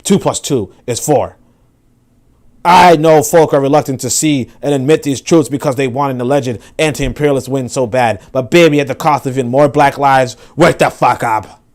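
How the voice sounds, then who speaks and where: A man's voice: mid-range voice, normal speed, close to an everyday voice. A man putting on the voice of an angry woman reading her tweets aloud, indignant and scolding.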